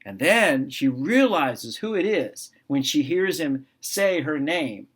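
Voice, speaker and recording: A man's voice: on the high side, big pitch swings, slow, fairly bright tone, breathy edge. A man giving a casual Bible lesson to children, talking conversationally and asking his listeners questions.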